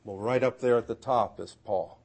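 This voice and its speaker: A man preaching a sermon, swinging from loud emphatic peaks to hushed asides. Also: on the low side, moderate pace, slightly rough. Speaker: pastor.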